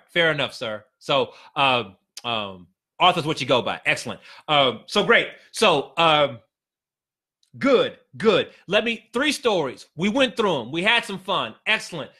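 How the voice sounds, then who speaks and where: Emphatic bright-voiced business coach, man. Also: fairly high pitch. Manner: emphatic, repeats phrases, many restarts. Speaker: business consultant. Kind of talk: live-streamed coaching talk.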